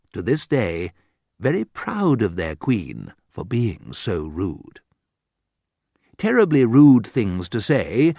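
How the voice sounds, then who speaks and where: A man reading an audiobook aloud in a slow, deliberate way for English learners. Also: on the low side, wildly swooping pitch, warm tone, no room sound, studio quality. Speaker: audiobook narrator. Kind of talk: scripted audiobook narration.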